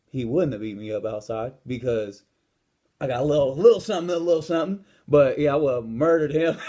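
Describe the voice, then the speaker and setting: A young man hosting his own coaching show, telling a story in a blunt, profane way and acting out confrontations with sudden loud outbursts. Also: medium pitch. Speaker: podcast host, lifestyle and health coach. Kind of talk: casual storytelling monologue.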